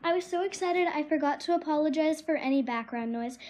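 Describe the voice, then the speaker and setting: A woman hosting a gameplay podcast, gushing and excitable as she talks through what she is doing. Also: sits high, a little fast. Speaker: podcast host.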